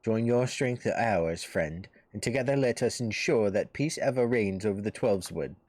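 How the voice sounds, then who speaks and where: An earnest male officer of a forest order, done by a man reading a game aloud. He rallies in a solemn, lowish voice. The recording is dry and close. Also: lively intonation, moderate pace, a little mellow, no echo. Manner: solemn, rallying.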